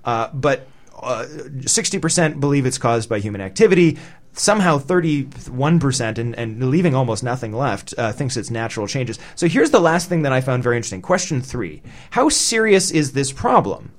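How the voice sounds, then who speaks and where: A man's voice: mid-range voice, lively intonation, normal speed. A man hosting a panel discussion who speaks hesitantly with many fillers while reading out poll figures. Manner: hesitant, filler-heavy, redirecting. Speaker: discussion host. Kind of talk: moderating a panel.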